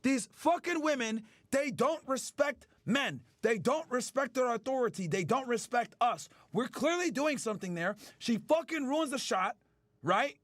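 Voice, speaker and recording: A man's voice: very high-pitched, expressive, measured pace, a bit bright, dry recording, clean studio sound. A man hosting a stream, delivering a heated, profane rant that mocks the people he talks about. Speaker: streamer host. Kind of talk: angry ranting commentary.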